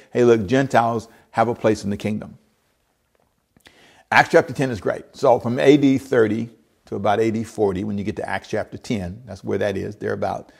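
Gravelly animated preacher man. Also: medium pitch. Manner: animated preaching, rising to loud bursts and trailing to soft asides. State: out of breath. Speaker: pastor. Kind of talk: sermon.

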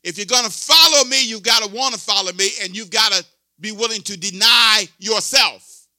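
A man's voice: sits high, normal speed, pushed and bright, dry recording, clean studio sound. A pastor in his sixties preaching a sermon with emphatic, repetitive call-and-response delivery.

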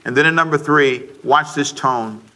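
A middle-aged man preaching a sermon to a congregation, lively and joking, rising to shouts. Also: medium pitch, moderate pace. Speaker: pastor. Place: church sanctuary before a congregation.

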